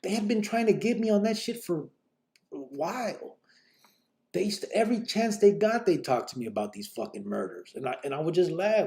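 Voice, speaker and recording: Man, gravelly and dark-toned; blunt, profane first-person storytelling for a live podcast. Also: high-pitched, big pitch swings, brisk. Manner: blunt, profane street talk with many fillers. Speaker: podcast host telling his own story.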